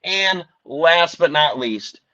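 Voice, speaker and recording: A man hosting a casual show, reading a sponsor list in a loud, rowdy, rambling, profane way. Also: on the high side, expressive, slow pace, no room sound, lo-fi sound. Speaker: podcast host reading sponsors. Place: Missouri.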